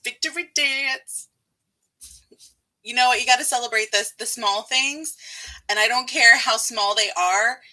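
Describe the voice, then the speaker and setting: Bubbly woman host, light Southern accent, very bright and rather high voice, giggly live-stream chat. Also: unhurried, long pauses, low-quality recording. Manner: bubbly, laughs often.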